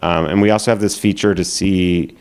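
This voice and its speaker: Deep-voiced male presenter, hurried, explanatory, lots of ums. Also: steady tone, a little mellow, smooth. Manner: explanatory, hurried, filler-laden. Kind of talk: conference presentation.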